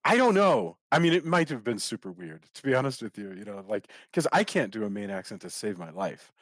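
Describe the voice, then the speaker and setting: Low-voiced man rambling through a film chat. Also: very animated, fairly quick, dry recording, clean studio sound. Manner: rambling, restarts and repeats words. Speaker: podcast host. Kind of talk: casual film discussion.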